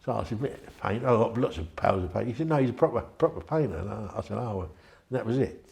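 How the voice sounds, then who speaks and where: Older man, gravelly low voice, rambling anecdotes, mimics other people's voices. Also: lively intonation, fast, a little mellow. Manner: rambling, chatty, acts out quoted voices. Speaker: interviewee. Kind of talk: anecdotal storytelling.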